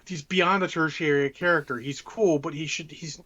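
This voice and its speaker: A man's voice: a little high, steady tone, moderate pace, sharp tone, lo-fi sound. A man co-hosting a tabletop gaming podcast, ranting bluntly and swearing a lot in casual chat. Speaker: podcast co-host.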